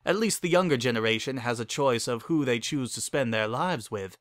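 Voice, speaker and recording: A man's voice: medium pitch, lively intonation, brisk, fairly bright tone, no echo, natural voice. A man voicing an older male aristocrat pony with grand, formal phrasing, in a dramatic story reading. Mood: genial.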